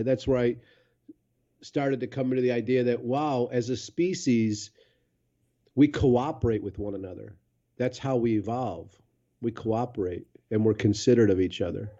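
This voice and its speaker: Man from Chicago, mellow and lo-fi. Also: mid-range voice. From Chicago, USA. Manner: candid, profane, reflective. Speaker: podcast guest, publisher. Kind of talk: casual storytelling.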